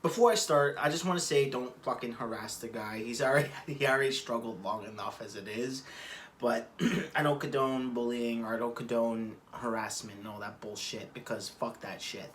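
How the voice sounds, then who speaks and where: A man's voice: medium pitch, normal speed, fairly bright tone, a little hiss or hum. A man talking casually to camera from a room at home, rambling and cursing as he digresses. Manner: rambling, profane, restarts and digressions. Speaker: vlogger.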